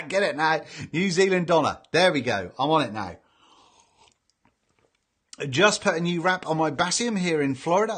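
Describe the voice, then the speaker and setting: British guy on a livestream reading out chat, cheery, slightly higher voice. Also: fairly bright tone. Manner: cheerful, reads out names and greetings. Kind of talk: casual live chat.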